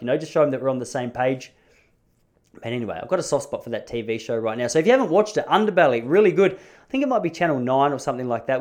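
An Australian man in his thirties rattles through personal stories at a brisk clip. His voice sits at an ordinary middle pitch. He rambles chattily, restarts his sentences and laughs between the stories. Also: darkish tone. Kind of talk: casual storytelling monologue.

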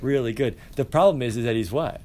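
A male teacher giving an animated, playful class lecture and asking his students questions. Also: mid-range voice, a little fast. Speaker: high school teacher.

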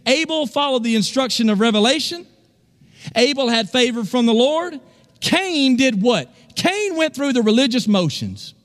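A man's voice: extremely high pitch, sing-song, normal speed, big-room sound. A male pastor preaching a sermon in a church, emphatic and asking the congregation questions. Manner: emphatic, call-and-response questions.

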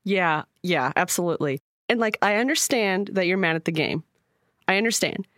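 A young adult woman co-hosting a podcast, chatting casually with playful asides and quick, chatty replies. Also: lowish voice, a bit bright, no echo, clean studio sound. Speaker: podcast co-host. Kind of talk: casual chat.

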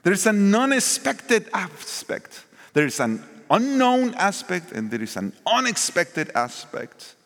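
A man preaching a sermon, shifting between loud emphasis and quiet asides. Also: high-pitched, very animated, measured pace, few pauses. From Mexico. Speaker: pastor. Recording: long hall reverb.

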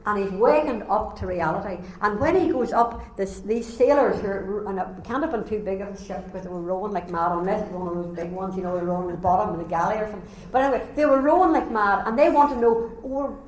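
Woman preacher, lively storyteller, echoey room, faint background hum. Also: mid-range voice, fast talker, few pauses. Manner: animated storytelling, acting out voices. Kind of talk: sermon.

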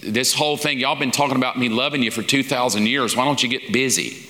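A man's voice: medium pitch, fast talker, sharp tone, lightly acted. A man playing God as a blunt, fed-up, plain-talking boss inside a sermon, in a colloquial way. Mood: exasperated. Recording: long reverb of a large hall.

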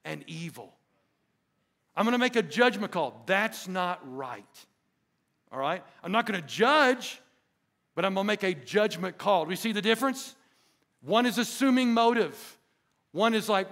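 A male pastor delivers an emphatic sermon in his church, throwing call-and-response asides to the congregation. His voice sits high for a man, with a gravelly, fry-laden edge. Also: a bit bright. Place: church sanctuary.

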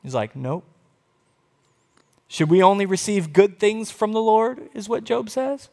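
High-voiced pastor in a big hall. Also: male voice, normal speed. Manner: animated storytelling, acting out quoted voices. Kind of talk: sermon. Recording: long reverb of a large hall.

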